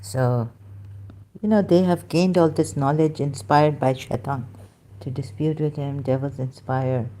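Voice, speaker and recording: A woman giving halting, emotional religious commentary, searching aloud for verses and near tears at times. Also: low voice, dark tone, a little hiss or hum. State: close to tears.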